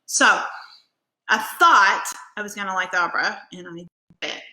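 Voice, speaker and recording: Speaking at a normal speed, this woman's medium-pitched voice sounds bright and forceful. As host of a podcast, she gives a casual, animated motivational monologue full of personal stories and fillers, recorded in an echoey room.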